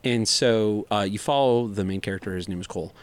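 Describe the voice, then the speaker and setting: A young man with a fairly low voice holds forth on a casual podcast. He rambles and jokes his way through the topic, stacking up fillers and restarting his sentences. The tone stays loose and conversational throughout. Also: fairly quick. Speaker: podcast co-host reviewing comics.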